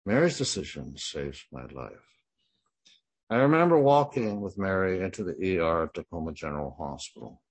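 A man in his sixties reading his first-person memoir in a plain, measured way. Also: low-pitched, very animated. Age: 60s. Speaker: memoir narrator.

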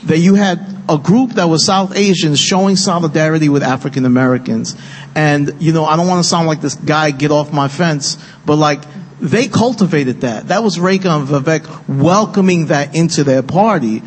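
A man's voice: a little high, normal speed. Passionate man in a reverberant hall. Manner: passionate, earnest, speaks from the heart. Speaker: film co-director on a panel. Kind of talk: emotional panel remarks. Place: event hall with live audience. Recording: long-reverb hall with faint noise.

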